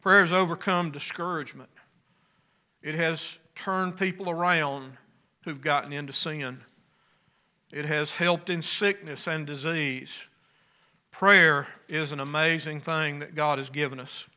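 A pastor preaching a sermon, earnest, rising loud on key phrases and dropping soft. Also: male voice, fairly high pitch, fairly even intonation, a little slow.

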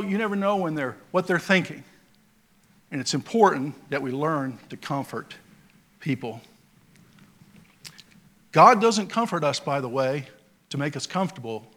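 A male pastor preaches in a folksy, storytelling manner, sprinkling in fillers as he goes. His voice sits somewhat high for a man. He swings between loud, emphatic lines and quiet asides. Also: expressive, normal speed, pauses often. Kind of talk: sermon.

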